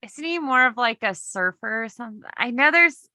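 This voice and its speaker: A woman's voice: a little high, animated, normal speed, pushed and bright, no room sound, clean studio sound. A woman co-hosting a podcast, chatting in a playful, teasing way. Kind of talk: casual chat.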